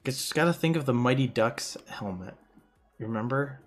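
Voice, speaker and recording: A man's voice: mid-range voice, lively intonation, a little fast, faint music behind. A young man chatting casually while he draws on a stream, joking and picking at his own artwork. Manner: joking, self-critical about his art. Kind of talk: casual chat while drawing.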